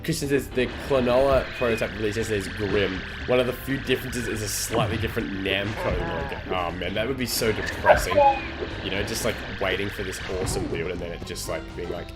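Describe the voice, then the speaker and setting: A man's voice: on the low side, fairly quick. A man chatting casually on a live stream, rambling through stories and swearing freely. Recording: game music behind.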